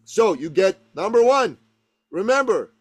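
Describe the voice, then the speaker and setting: A business coach on a podcast tells stories and gives advice in an emphatic, energetic way, repeating words for stress. The man's voice sits high and is very animated, a little slow and slightly rough.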